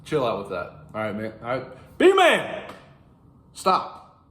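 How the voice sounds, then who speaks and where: A man voicing an impatient male sea god who barks tough-love orders and yells at a grieving hero. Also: medium pitch, wildly swooping pitch, measured pace. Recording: roomy with faint ambience.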